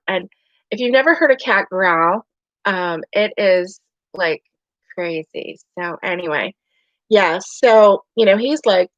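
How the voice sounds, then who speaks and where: A woman's voice: medium pitch, takes it slowly, a bit bright, dry recording. A woman hosting a casual live stream from her home, chatty and rambling, laughing often. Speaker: livestream host. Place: home bedroom. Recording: dry, dull lo-fi sound.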